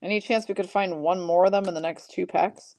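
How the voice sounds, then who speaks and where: Brisk, low-voiced woman calling card pulls. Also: steady tone, dark tone. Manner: brisk listing of names, teasing chat viewers. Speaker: trading card break host. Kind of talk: live-streamed card break, reading out pulls.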